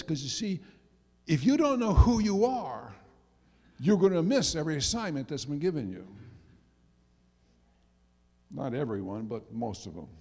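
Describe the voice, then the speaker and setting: A middle-aged male pastor preaching a sermon, dropping to soft asides and rising to loud emphasis. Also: a little high. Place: church sanctuary. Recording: long reverb of a church hall.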